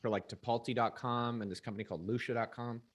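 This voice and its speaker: Male podcast guest, rapid talker, offhand joking manner. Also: medium pitch, fairly even intonation. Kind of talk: casual interview chat.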